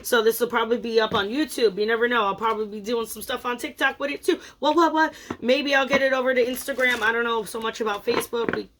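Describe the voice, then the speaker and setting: A woman's voice: on the high side, noisy background. Playful, chatty woman tarot reader. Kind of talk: casual tarot reading.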